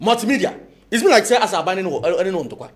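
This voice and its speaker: Fast, animated Ghanaian man debating. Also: high-pitched. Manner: animated, mixes Twi and English. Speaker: political panelist. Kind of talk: heated talk-show debate.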